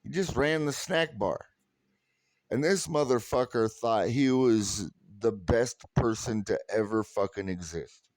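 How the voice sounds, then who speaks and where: A man's voice: medium pitch, measured pace, darkish tone, no echo. A man from California telling a heated, sarcastic story full of swearing, in a profane rant. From California, USA. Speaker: vlogger.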